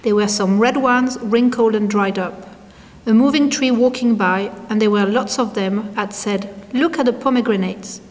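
A woman reading a children's storybook aloud in a gentle, even manner. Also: medium pitch, a little slow. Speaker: reader. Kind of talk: storybook narration. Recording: long hall reverb.

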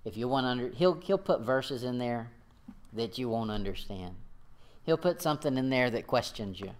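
Male preacher, folksy sermon delivery, middle pitch, reads scripture aloud. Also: lively intonation, normal speed. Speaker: pastor.

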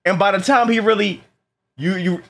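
At a moderate pace and in a high voice, a man gives a casual movie review that's animated and profane. He acts out lines from the film and often repeats words.

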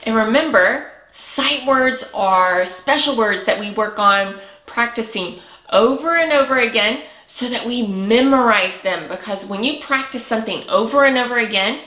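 Woman preschool teacher, slow and encouraging, echoey room. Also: a little high, fairly bright tone. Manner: slow, patient, encouraging, stretches out sounds. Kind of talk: early learning lesson for young children.

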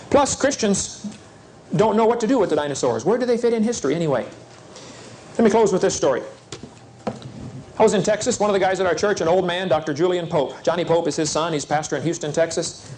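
A middle-aged man preaches with folksy, animated energy, telling stories to drive home his point. His voice sits a bit higher than most men's. A faint hiss of noise runs under the recording. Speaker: evangelist speaker. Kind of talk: preaching seminar talk.

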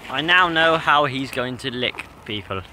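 A man's voice: mid-range voice, lively intonation, moderate pace, sharp tone, slight background noise. A young man vlogging outdoors by a reservoir, chatting playfully and joking while he films his dog. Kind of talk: casual commentary while filming a dog.

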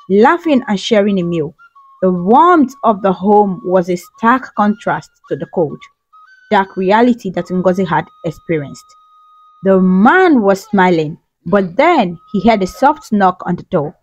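Woman telling a folktale, dramatic narration, kinda high lively voice, music in the back. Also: lo-fi sound. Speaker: storyteller. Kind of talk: scripted narration. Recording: soft music behind.

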